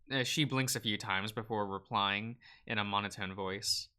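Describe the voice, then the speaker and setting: A man's voice: lowish voice, moderate pace, hardly any pauses, pushed and bright, clear, resonant tone. A man hosting a let's play, reading a visual novel aloud with playful, wry asides between the narration.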